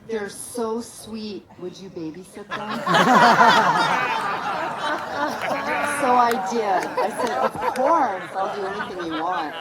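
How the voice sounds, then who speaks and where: A woman's voice: on the low side, poor audio. A woman in her sixties sharing a laughing, fond memory at a memorial gathering. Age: 60s. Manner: warm, laughing, reminiscing. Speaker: memorial speaker. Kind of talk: personal storytelling at a memorial.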